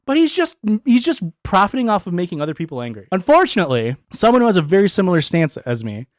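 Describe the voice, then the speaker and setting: A man's voice: high-pitched, very animated, quick pace, no room sound, studio quality. A man giving opinionated, profane commentary as a streamer reacting to videos, ranting with frequent restarts.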